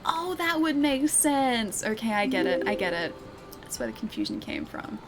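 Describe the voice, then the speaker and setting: A woman's voice: fairly high pitch, big pitch swings, normal speed, over music. A young woman live-streaming a game, chatting with her viewers in a giggly, teasing way. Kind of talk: live-streamed gameplay chat.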